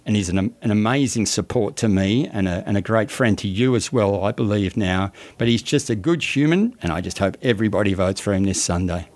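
A middle-aged Australian man hosting a podcast, telling a story in casual chat with many restarts and fillers. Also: on the low side. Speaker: podcast host.

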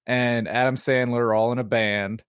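A man's voice: medium pitch, flat delivery, moderate pace, clean tone, no echo, muffled recording. A man co-hosting a podcast, telling a story in casual chat, rambling and laughing often. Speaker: podcast co-host.

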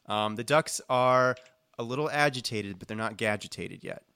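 A man's voice: medium pitch, normal speed, gravelly, pushed and bright, clean tone, dry recording. A man narrating a tabletop game as game master, chatty and jokey. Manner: chatty, jokey, trails off with ums.

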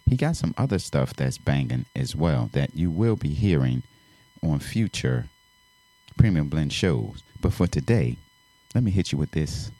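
A man hosting a radio music show, talking between tracks in a laid-back, drawn-out way with bursts of playful hype. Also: very deep voice, mellow, no room sound. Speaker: radio DJ host.

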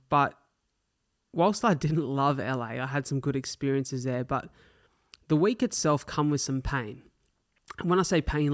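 A man's voice: mid-range voice, a bit bright. An Australian man hosting a solo podcast, telling stories in a chatty, slangy way and swearing casually. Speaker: podcast host.

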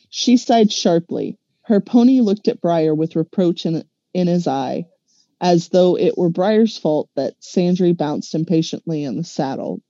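A woman reads a novel passage slowly and carefully, stumbling now and then with a slight stutter. Her voice is dark and mellow, sitting a little low, and the sound is dry and muffled. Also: lively intonation, no room sound. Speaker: podcast co-host reading an excerpt. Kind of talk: reading a novel excerpt aloud.

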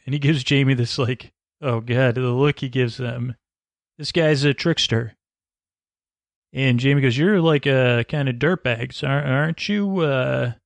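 A man with a gravelly voice rambles through a scene-by-scene recap, stalling on "uh" and restarting words. He is recorded close up on a very dry mic, with no room sound. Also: medium pitch, no room sound. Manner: halting, many "uh" fillers and restarts. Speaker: podcast host recapping a TV episode.

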